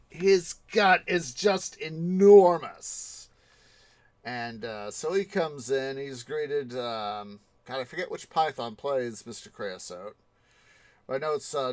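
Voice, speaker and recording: Slow, rambling male streamer. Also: medium pitch, darkish tone, no room sound. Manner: rambling, many ums and restarts. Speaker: gaming livestream host. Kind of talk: casual livestream chat while playing.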